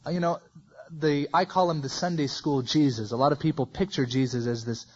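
A man's voice: fairly high pitch, fairly even intonation, fairly quick, darkish tone, breathy edge, lo-fi sound. A man preaching a verse-by-verse sermon, reading scripture aloud with folksy asides.

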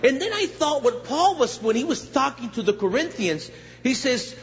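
An older male guest pastor preaching a sermon with jokes and stories, animated and laughing at his own lines. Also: high voice, moderate pace. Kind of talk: humorous storytelling sermon. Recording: echoey church hall, dull muffled sound, faint hiss.

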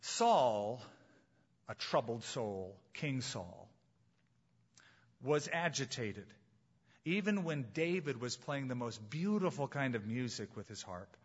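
A man preaching a sermon as pastor, emphatic and slowing down to stress key phrases. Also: mid-range voice, very animated, breathy edge, highs cut off.

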